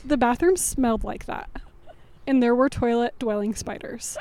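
A woman with a high voice tells a story in a casual chat. She is animated and dramatic and breaks into laughter often. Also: moderate pace.

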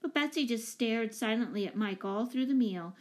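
A woman's voice: a little high, lively intonation, moderate pace. Woman reading a children's novel. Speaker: narrator. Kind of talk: audiobook narration.

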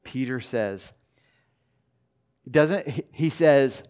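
A man preaching a sermon to his church in a relaxed, conversational way. His voice sits at a middling pitch, and he slows down to stress key lines and often trips over restarts. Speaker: pastor. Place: church sanctuary.

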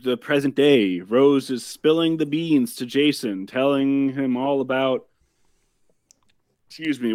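Podcast host, male, deadpan recap delivery, dry close mic, mid-pitched. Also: no echo. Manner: wry, deadpan summarizing with profanity. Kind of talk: casual episode recap.

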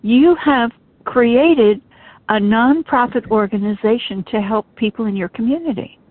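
A woman's voice: fairly high pitch, a little slow, slightly rough, dry recording. A woman hosting an interview, affirming the guest with frequent "mm-hmm" replies. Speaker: interview host. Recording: tinny phone-like line.

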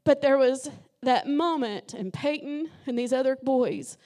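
A middle-aged woman delivers a Pentecostal sermon as a guest preacher. Her voice sits high, and she speaks with fervent, impassioned conviction that climbs into shouting. She is preaching in a church sanctuary. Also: unhurried.

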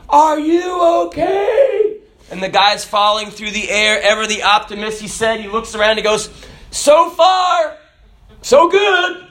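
Bright high-voiced preacher telling jokes. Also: male voice. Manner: animated storytelling, acting out characters. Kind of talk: joke-filled sermon.

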